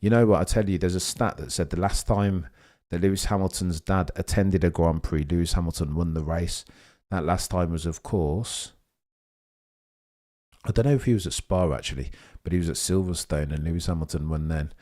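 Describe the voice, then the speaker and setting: A young man hosting a live race watchalong, talking excitably and rambling while he reads out viewers' chat comments. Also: deep voice, moderate pace. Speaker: live stream host.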